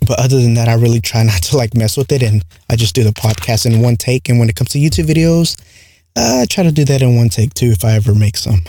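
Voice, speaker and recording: A podcast host with a light non-native English accent rambles through a casual solo show, leaning heavily on "like" and "right?" fillers. His mid-range voice is mellow and dark and fast. He's recorded close and dry on a studio mic with a compressor in a small home room with no echo.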